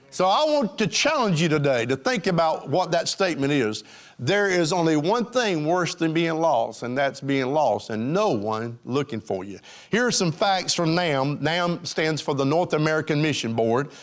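A man's voice: fairly high pitch, big pitch swings, normal speed. A man preaching a sermon in a congregation, with an emphatic, rising and falling cadence and frequent fillers.

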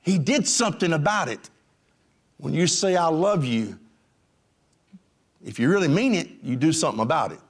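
Older pastor, fairly high voice, preaching with folksy asides. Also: male voice, expressive, normal speed, long pauses. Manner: folksy preaching with emphatic rising lines and asides. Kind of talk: sermon.

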